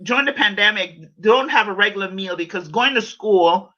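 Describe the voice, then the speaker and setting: A woman's voice: mid-range voice, moderate pace. A woman hosting a podcast, chatting casually and playfully with her guest on a livestream call. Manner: animated, playful, repeats herself. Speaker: podcast host. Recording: dull lo-fi sound.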